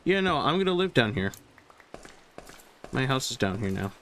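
With a sing-song lilt, a fairly bright tone, and normal speed, a young man in a mid-range voice hosts a gaming video over a little hiss or hum. He comments on his own gameplay as if to himself, repeating phrases and exclaiming in jumpy bursts.

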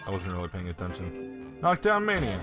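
A man giving casual, excitable gameplay commentary and swearing often. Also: deep voice, a little fast, over music.

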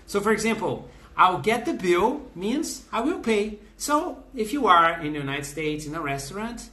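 A Brazilian man in his fifties with a Brazilian Portuguese accent teaches a live online English class. His voice sits a little high and rings very bright and forceful. He greets viewers by name and reads out their comments, often pausing on fillers and restarting his sentences. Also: big pitch swings.

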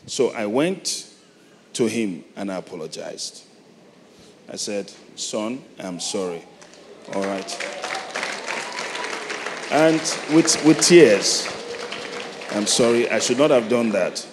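A middle-aged Nigerian man preaching a sermon, moving from soft, reflective storytelling to loud, emphatic calls. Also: lowish voice, lively intonation, slow pace, long pauses, a crowd in the background. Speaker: pastor. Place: large church hall. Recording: long hall reverb, faint noise.

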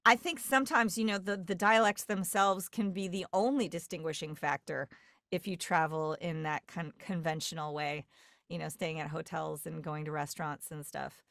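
A woman's voice: sits low, fairly even intonation, normal speed, vocal fry, fairly bright tone, no echo, studio quality. A woman from New York, a dialect coach, telling stories in a rambling casual chat full of fillers and restarts. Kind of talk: casual podcast conversation.

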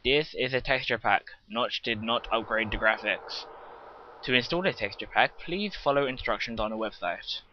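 A stiff robot-like announcer, as a British gamer puts it on, every word in a flat mechanical monotone. The recording is a little muffled, with a faint hiss underneath. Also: male voice, medium pitch, moderate pace, lightly acted. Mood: deadpan.

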